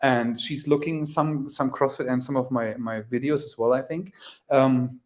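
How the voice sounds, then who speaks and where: A young man from Germany, speaking English as a second language with a clear German accent. He talks casually as a podcast guest, laughing often and stopping to hunt for words, his voice sitting at an ordinary middle pitch. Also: fairly even intonation, normal speed, a little mellow. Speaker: athlete guest.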